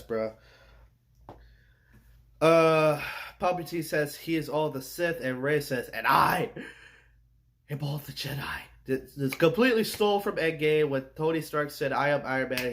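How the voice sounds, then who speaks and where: A young man ranting casually about a movie he saw, rambling with many fillers and slang and sounding exasperated. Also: fairly high pitch. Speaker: movie reviewer.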